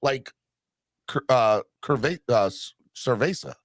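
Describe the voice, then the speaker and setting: A man hosting a casual sports podcast in a relaxed way, switching to a deep announcer voice for ad reads. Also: unhurried, no room sound, clean studio sound. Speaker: podcast host.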